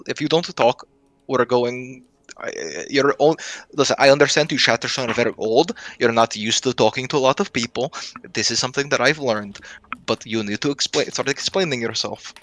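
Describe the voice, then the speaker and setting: A man's voice: medium pitch, moderate pace, a bit bright. A man playing a tabletop game, speaking in character with firm demands. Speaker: player.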